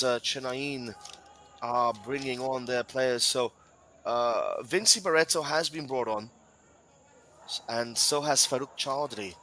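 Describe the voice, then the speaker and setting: Bright-voiced football commentator from Gibraltar. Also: male voice, medium pitch, a little hiss or hum, poor audio. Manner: chatty, addresses co-commentator and viewers directly. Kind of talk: live match commentary.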